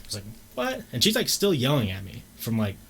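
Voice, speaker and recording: A man's voice: mid-range voice, very animated, fast, fairly bright tone, breathy edge, rough recording. A man co-hosting a podcast, telling a rambling story in casual chat, full of fillers and laughs. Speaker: podcast co-host.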